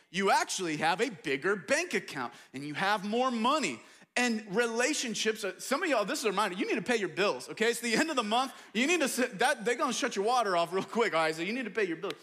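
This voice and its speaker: A young male pastor preaching with a high, bright voice that rings out sharply. He drives his points home emphatically, rising to loud declarations and dropping to quiet asides. The delivery is direct and conversational, addressed to a congregation. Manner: emphatic preaching, swings between loud and hushed. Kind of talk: sermon.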